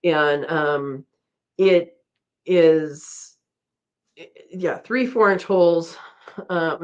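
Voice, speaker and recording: A woman's voice: sits low, extremely slow, clear, resonant tone. Chatty woman hosting a live stream. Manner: chatty and rambling, laughs often. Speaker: host of a live chat. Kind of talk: casual live-stream chat reading comments. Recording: dull lo-fi stream audio.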